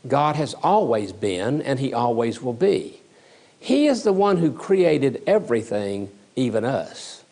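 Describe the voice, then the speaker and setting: A man's voice: mid-range voice, very animated, unhurried, darkish tone. A man giving a recorded theology lecture as a seminary teacher, emphatic and repeating key words for stress.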